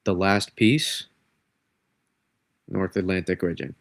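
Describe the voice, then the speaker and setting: Stuffy male weather streamer with a cold, rambling, self-correcting, gravelly, dry close mic. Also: sits low, slow pace, no echo. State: congested from a cold. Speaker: weather forecaster. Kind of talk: live-stream weather model breakdown.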